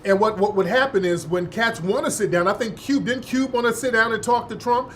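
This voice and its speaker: A man's voice: high-pitched, brisk, slight background noise. A male host giving opinionated political commentary in an emphatic, slangy, scoffing manner.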